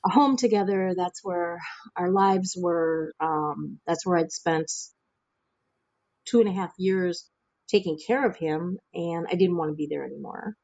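A woman's voice: on the low side, measured pace, no echo, muffled recording. A middle-aged woman from the American Midwest, frankly telling her own life story as an interview guest and acting out the voices of people she quotes. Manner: frank, acts out quoted voices with lively jumps. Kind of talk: candid personal storytelling.

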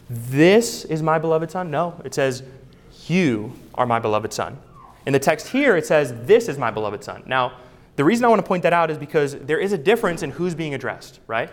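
Man, preacher, sermon delivery, earnest, emphatic, rhetorical questions, mid-pitched voice.

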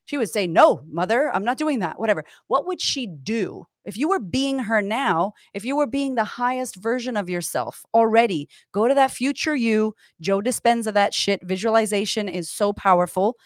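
A woman's voice: on the high side, moderate pace, few pauses, no room sound, studio quality. A woman in her thirties, a coach and author of Puerto Rican heritage, chatting on a podcast in an emphatic, profane, motivational way. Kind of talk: casual podcast chat.

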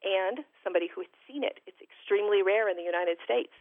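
A woman calling in to a talk show, telling a family story in an animated, breathless way. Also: medium pitch, fast talker, dry recording. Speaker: guest caller. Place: home in north Texas. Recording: tinny phone line.

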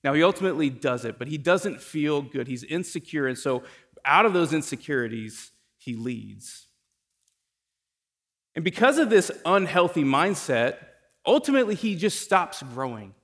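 A man's voice: a little high, big pitch swings, moderate pace, fairly bright tone. A male pastor preaching a sermon in a casual, storytelling way, often repeating words and restarting phrases. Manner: conversational storytelling preacher with self-deprecating jokes.

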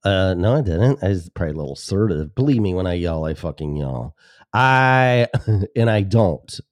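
In a deep, animated voice at a moderate pace, this Chicago-suburbs talk show host from Illinois rambles solo at the mic, sarcastic and profane, cutting himself off. The sound is clean studio quality with no room sound.

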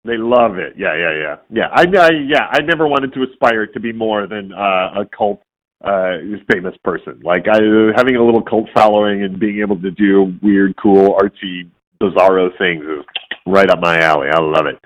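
A voice actor guest in a casual interview, this man speaks low and at a moderate pace over a rough recording. He tells stories with animation, acting out the voices of the people he quotes.

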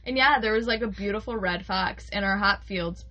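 A woman co-hosting a podcast, chatting casually and telling a story with quick laughs. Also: medium pitch, pushed and bright, lo-fi sound. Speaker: podcast co-host. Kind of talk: casual chat.

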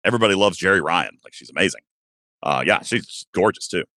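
Guy hosting a chill podcast, bright punchy voice, super dry close mic, gets all excited and squeaky sometimes. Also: fast talker, dry recording. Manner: animated and playful, swinging his pitch up high for excitement. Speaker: podcast host. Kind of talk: casual podcast chat.

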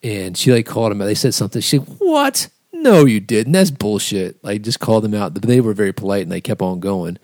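A man's voice: lowish voice, fairly even intonation, fast talker, few pauses, darkish tone, dry recording, studio quality. A man co-hosting a casual podcast, telling rambling stories and swearing freely. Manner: rambling, swears a lot, acts out quotes. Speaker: podcast co-host. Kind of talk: casual profane storytelling.

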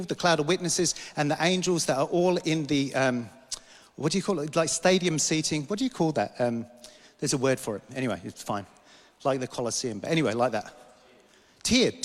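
A man's voice: a little high, long reverb tail. A man from Britain preaching a sermon, telling a personal vision story with rambling asides and small jokes. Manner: storytelling, rambling, self-interrupting, joking asides. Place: church hall.

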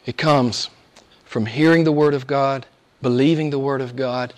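A pastor preaching a sermon to his congregation, impassioned and repeating key phrases, swinging between soft and loud emphasis. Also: medium pitch, fairly even intonation, measured pace.

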